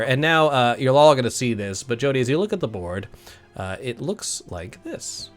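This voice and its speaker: A man running a tabletop game, narrating scenes in a relaxed way and often breaking into laughter. His pitch rises and falls in a lively, animated way, at a middle register. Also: normal speed, faint music behind. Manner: relaxed, laughing, lots of uhs. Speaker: game master.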